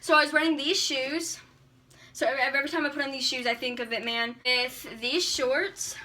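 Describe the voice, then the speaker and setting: A teenage girl telling a storytime vlog to her camera, excitable and gushing, with lots of "like". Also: sits high, moderate pace. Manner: excitable, gushing, many likes. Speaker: vlogger.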